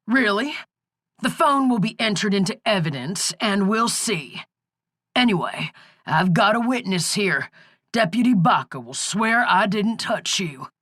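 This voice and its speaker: A woman's voice: mid-range voice, animated, measured pace, fairly bright tone, no room sound, clean studio sound, pitched above the performer's own voice. A woman doing a blustering, bullying male sheriff. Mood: barking. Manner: blustering, profane, barking orders. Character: angry bullying male small-town sheriff. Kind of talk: audiobook character voice.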